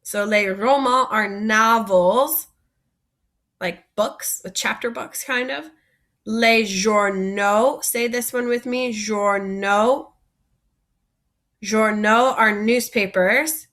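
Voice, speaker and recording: A woman's voice: a little high, slow, fairly bright tone. A woman teaching a French vocabulary lesson, patiently asking learners to repeat words after her.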